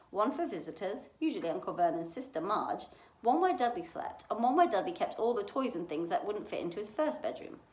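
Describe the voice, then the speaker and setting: A woman reading a novel aloud for a library storytime, in an expressive way. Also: mid-range voice. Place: library room. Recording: echoey room.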